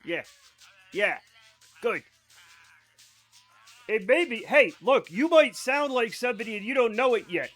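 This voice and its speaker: A man with a Rhode Island accent chatting casually while streaming a game, animated and self-mocking, swearing now and then. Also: extremely high pitch, a little slow, long pauses, soft background music. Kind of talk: casual gameplay stream chat.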